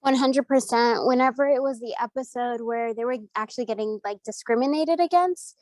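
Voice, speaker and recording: Upbeat higher-voiced American woman. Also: a little fast, darkish tone, no echo. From United States. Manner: upbeat, effusive, frequent "um" and "like". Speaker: voice actress guest. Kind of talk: casual interview.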